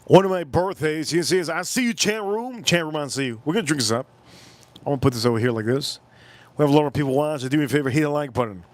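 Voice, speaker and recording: Racing through his words, a livestream host in his forties tells a rambling, repetitive story on a casual stream, now and then jumping into loud high-pitched impressions. There is no room sound in the recording.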